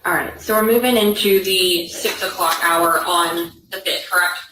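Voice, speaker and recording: Bright-voiced woman questioning a witness. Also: lowish voice, normal speed, slight background noise. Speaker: trial attorney. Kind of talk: courtroom questioning. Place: courtroom. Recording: echoey courtroom feed, distant mic.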